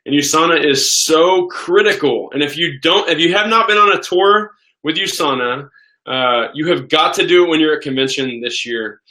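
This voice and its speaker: A man's voice: fairly high pitch, moderate pace, sharp tone. A man in his thirties hosting a casual live question-and-answer stream, talking with eager enthusiasm and often repeating and restarting his words.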